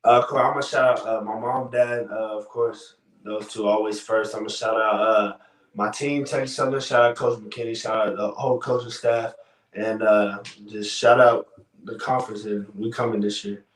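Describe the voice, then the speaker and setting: A man's voice: on the low side, steady tone, normal speed, distant mic. A young man answering interview questions in a laid-back, easygoing way. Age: young adult. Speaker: college football player guest. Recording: echoey room, off mic.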